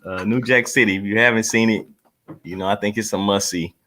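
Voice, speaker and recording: A man's voice: fairly low pitch, fairly even intonation, fairly quick, pushed and bright. A man hosting a casual live-streamed podcast, laid-back, often stumbling and repeating words. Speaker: podcast host. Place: home studio, live stream. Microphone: webcam or desk mic on a video stream.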